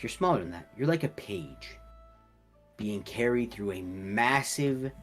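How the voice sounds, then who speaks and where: A man narrating a tabletop game as game master, slowly describing scenes and sometimes dropping to a hush. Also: lowish voice.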